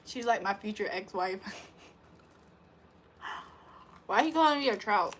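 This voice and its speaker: A woman's voice: mid-range voice, expressive, measured pace, long pauses, a little hiss or hum. A woman livestreamer in casual chat, teasing and laughing as she answers viewer comments. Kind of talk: casual live-stream chat.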